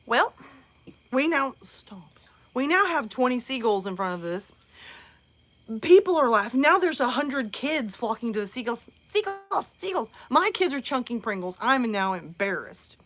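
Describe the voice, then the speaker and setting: A mother hosting a live show, telling a comic story in a lively, chatty way with lots of fillers. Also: on the high side, moderate pace. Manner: animated, many "like" fillers, acts out voices.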